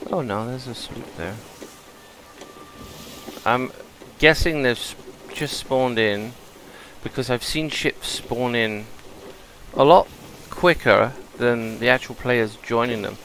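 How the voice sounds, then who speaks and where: British guy talking over his game, kinda low and gravelly, chatty, explains stuff as he goes, faint noise behind. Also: slow pace, a bit bright, low-quality recording. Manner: chatty, explains game mechanics while playing. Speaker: gameplay streamer. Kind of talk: gameplay commentary.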